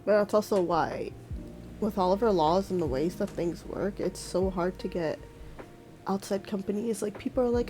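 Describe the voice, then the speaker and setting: Woman streamer, casual rant, swears freely, mellow voice. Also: mid-range voice, normal speed, soft background music. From Quebec, Canada. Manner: ranting, profane, many fillers. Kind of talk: casual chat.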